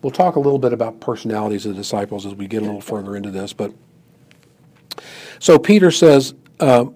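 A man's voice: lowish voice, lively intonation, fast, warm tone, slightly rough. A man preaching a sermon and teaching a Bible passage in a conversational way, with many "you know"s, who acts out the quoted lines with rising emphasis. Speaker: pastor.

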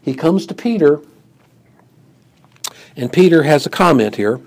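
A man's voice: on the high side, expressive, measured pace, gravelly. A man preaching a sermon and teaching a Bible passage in a conversational way, with many "you know"s, who acts out the quoted lines with rising emphasis. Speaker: pastor.

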